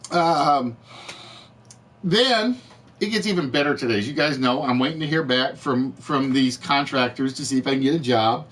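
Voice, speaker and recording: A man hosting a live game show stream, ranting to his chat in an animated, exasperated way, his voice cracking. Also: on the high side. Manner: animated, exasperated storytelling with repetitions. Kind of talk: casual rant to live chat.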